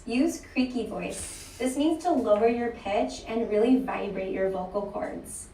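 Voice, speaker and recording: A woman giving a scripted speech tutorial in a deliberate, demonstrative manner. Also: on the high side, dark tone. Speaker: tutorial presenter. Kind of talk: scripted instructional narration. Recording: roomy, played back from a distance.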